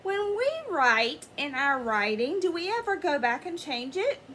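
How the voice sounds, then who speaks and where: A woman teacher reading a picture book aloud to children in an expressive way, pausing to ask them questions. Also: sits high, a little hiss or hum. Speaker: elementary school teacher. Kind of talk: children's story read-aloud.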